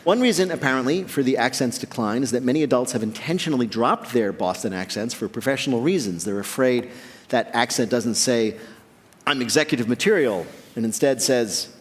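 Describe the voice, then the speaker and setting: A man's voice: mid-range voice, expressive, fairly quick. A man hosting a comic news quiz, joking and laughing at his own lines before a live audience. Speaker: quiz show host. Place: theater stage. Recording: live theater with long reverb and audience.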